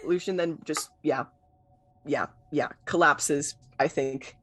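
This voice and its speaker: A tabletop player describing their character haltingly, pausing to search for words. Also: mid-range voice, fairly even intonation, fairly bright tone, slight background noise. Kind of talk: casual tabletop role-play.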